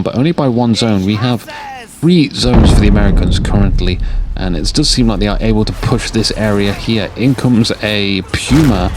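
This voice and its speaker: A tired man casting a strategy war game late at night, rambling and joking between calls of the action, with game noise behind him. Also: lowish voice. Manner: rambling, jokey, drifts off topic. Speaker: game caster. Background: game sounds of gunfire and vehicles.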